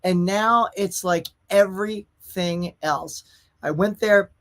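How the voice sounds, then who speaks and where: A man hosts a relaxed live stream from his own room at home. He talks in an easygoing, chatty way and calls out viewers by name. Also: high-pitched, slow pace. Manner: laid-back, chatty, greets viewers by name. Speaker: host of a pop culture live show. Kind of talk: casual livestream chat.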